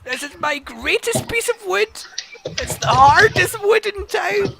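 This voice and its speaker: A man voicing a frail, fussy old male woodworker with a wavering, creaky old-man voice. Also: extremely high pitch, expressive, a little slow, background noise, voice pushed up, heavily acted. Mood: doddering, pleased.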